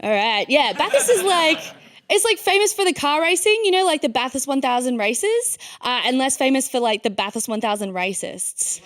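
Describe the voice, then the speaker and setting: Young aussie woman doing stand-up, high voice, rambly and self-deprecating. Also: expressive, normal speed, fairly bright tone. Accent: Australian. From Australia. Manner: rambling, self-deprecating, filler-heavy delivery. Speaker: stand-up comedian. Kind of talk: stand-up comedy set. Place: stage before a live audience.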